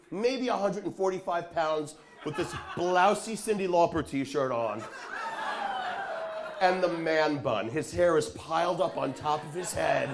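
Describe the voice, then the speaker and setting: A man from Long Island doing a stand-up comedy set on a club stage, sardonic and animated as he tells stories. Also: on the high side, vocal fry, background noise. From Long Island, New York. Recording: live club crowd laughing.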